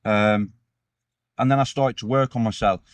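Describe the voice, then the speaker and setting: A man's voice: lowish voice, fairly even intonation, moderate pace, no echo. A man, a former prisoner as interview guest, telling his story candidly with rambling restarts. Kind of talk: casual interview chat.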